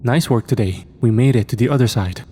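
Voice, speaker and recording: A man's voice: medium pitch, fairly quick, warm tone, a little hiss or hum, close to an everyday voice. A man voicing a playful young woman astronaut who teases her partner, raising his voice for her. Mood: teasing. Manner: playful, teasing.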